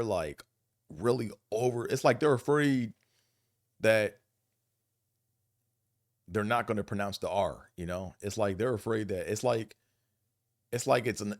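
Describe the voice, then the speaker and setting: Animated rambling man from Buffalo. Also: on the low side, vocal fry, no echo, clean studio sound. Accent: Buffalo, New York. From Buffalo, New York. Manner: rambling, animated, profane, mimics accents. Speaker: vlog host. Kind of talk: casual monologue.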